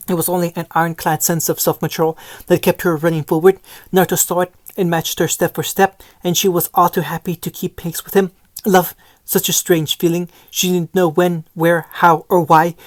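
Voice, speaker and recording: A woman's voice: lowish voice, no echo. A woman reading a fan fiction story aloud, often stumbling over words and correcting herself. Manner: frequent stumbles and self-corrections while reading. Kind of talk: storybook narration read aloud.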